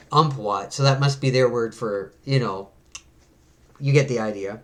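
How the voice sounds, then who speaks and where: A man walking through a comic book page by page in casual chat, reading the panels aloud and slipping into quick voices for the characters. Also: medium pitch, a bit bright.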